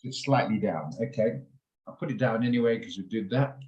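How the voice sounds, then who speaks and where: A man's voice: on the low side, fairly quick, a little mellow, highs cut off. Chatty blunt man in an echoey room. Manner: chatty, blunt, rambles off topic. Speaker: trading room host. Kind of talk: casual chat in an online trading session. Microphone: video call. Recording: roomy echo on a video call.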